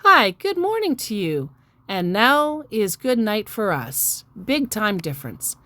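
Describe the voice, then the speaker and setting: A male online scammer's friendly chat messages, read out by a woman in an unhurried, plain voice with no accent put on. The delivery is slow and even, and the sound is dry and close with little room around it. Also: mid-range voice, no echo, full character voice. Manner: reads the messages in her own plain voice, no accent.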